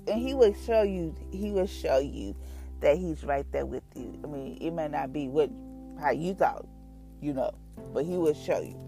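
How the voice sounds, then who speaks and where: Folksy woman sharing a devotional. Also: lowish voice. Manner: conversational, folksy, animated retelling. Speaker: devotional podcast host. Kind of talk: casual devotional talk.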